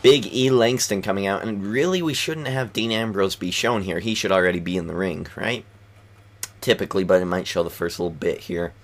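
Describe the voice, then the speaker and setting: At home late at night, a video game commentator with a deep voice talks a little fast but keeps the volume low. His casual gameplay commentary meanders, with plenty of fillers and restarts.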